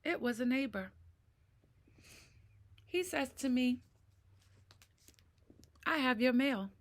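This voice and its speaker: A middle-aged mental health vlogger vents in a personal, ranting monologue, swearing and repeatedly asking "right?". She speaks slowly in a high, animated voice.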